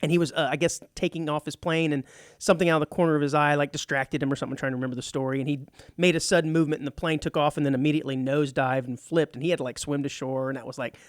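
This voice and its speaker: A man's voice: fairly high pitch, steady tone, racing, dry recording, studio quality. A man from Texas hosting a casual radio talk show, telling rambling stories full of restarts and teasing his co-host. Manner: rambling storyteller with many restarts.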